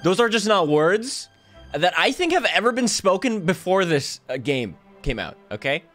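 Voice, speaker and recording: Young male streamer, excitable jokey chat with swearing, lively fairly high voice. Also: faint music behind. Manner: excitable, joking and profane, quick laughter. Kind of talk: live let's-play commentary.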